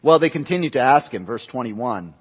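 A man's voice: medium pitch, expressive, a little fast, slightly rough. A man preaching an expository sermon, emphatic, repeating key phrases for stress. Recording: dull lo-fi sound with long hall reverb.

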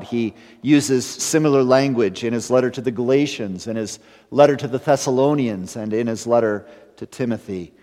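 A man preaching an evening sermon in a measured way, rising to emphatic stresses and dropping to hushed low endings. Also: in a large hall. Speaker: pastor.

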